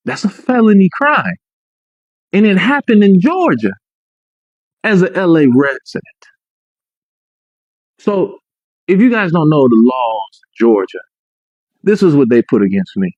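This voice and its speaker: A man's voice: fairly high pitch, slightly rough, dry recording. A man telling his own story emphatically, repeating his points and checking in with "right?". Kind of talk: emphatic personal account. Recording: dry, muffled lo-fi audio.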